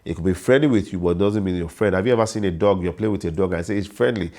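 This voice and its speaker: A man's voice: deep voice, fast talker, darkish tone. A middle-aged man, an MC and comedian giving informal, repetitive career advice full of sayings. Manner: informal, repetitive, preachy with proverbs. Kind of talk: casual advice monologue.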